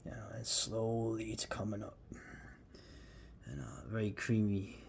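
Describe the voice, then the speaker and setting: A man from the United States chatting casually to camera about beer, rambling and restarting sentences, sometimes dropping to a hushed near-whisper. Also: lowish voice, measured pace, vocal fry, slight background noise. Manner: rambling, self-interrupting, drops to a hushed near-whisper when admiring the beer. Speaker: beer vlogger.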